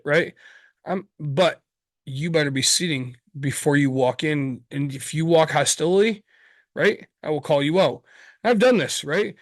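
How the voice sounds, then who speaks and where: A man co-hosting a podcast in casual chat, telling stories in a profane, animated way. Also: a little high, no room sound. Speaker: podcast co-host.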